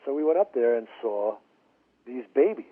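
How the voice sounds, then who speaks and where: Husky lower-voiced guy spinning old band stories, sounds like he's on the phone. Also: measured pace, no room sound. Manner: animated storyteller acting out quotes. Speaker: guitarist guest. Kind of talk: storytelling in a radio interview. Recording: phone-line audio.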